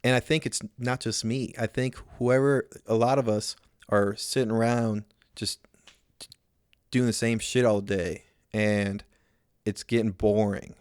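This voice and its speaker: A man's voice: fairly low pitch, fairly even intonation, unhurried, darkish tone, smooth, dry recording. A male comedian talks alone into the mic in a loose, rambling monologue full of swearing and self-mockery. He keeps circling back to his own point and correcting himself as he goes. The recording is dry and close. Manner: rambling, profane, self-mocking. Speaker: podcast host and comedian.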